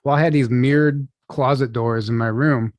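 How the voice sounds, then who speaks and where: A young adult man telling a personal story as an interview guest over a video call, casual and halting, full of restarts and "like". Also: medium pitch, fairly even intonation, no room sound.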